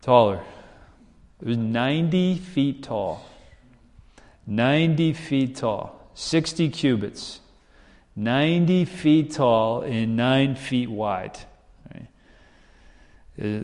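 A man's voice: mid-range voice, slow pace, long pauses, darkish tone, big-room sound. A man preaching a sermon with fervent, emphatic repetition that rises in bursts. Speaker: pastor.

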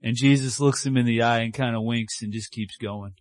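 A male preacher telling a story in a sermon. He is animated and plays out the voices in his story, and he sinks to a hushed tone for the tender lines. The sound is dry and close, with no room echo. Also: mid-range voice, a little fast.

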